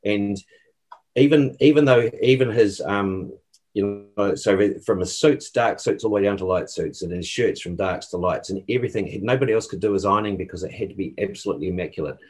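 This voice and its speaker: A man on a video call, explaining at a measured pace as a podcast guest. His voice is very deep and noticeably husky. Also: a little mellow. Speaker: guest, personality profiling expert. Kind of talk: casual explanation.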